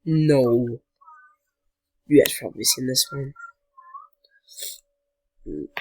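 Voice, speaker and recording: A woman's voice: a bass voice, slow, rough recording. A woman giving emotional commentary while watching videos for a reaction vlog, often laughing and sighing. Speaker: vlogger. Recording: loud music from the clips she watches.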